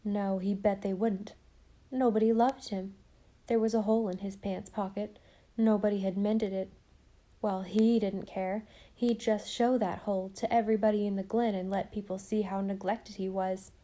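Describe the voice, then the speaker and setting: A woman reads a classic children's novel aloud as an audiobook narrator. Her voice is warm and mellow at a middle pitch. She is expressive and often softens to a hush. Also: moderate pace.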